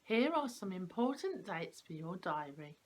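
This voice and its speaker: A woman, a preschool teacher explaining classroom activities to parents, clear and slow, stressing the sounds of words. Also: on the low side, very animated, poor audio.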